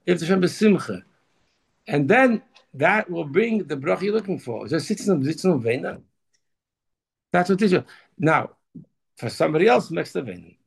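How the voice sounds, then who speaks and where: A man giving an informal Torah talk, halting and repeating words, then pressing his points with emphatic urging. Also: a little high, lively intonation. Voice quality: gravelly, husky voice. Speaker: Torah teacher.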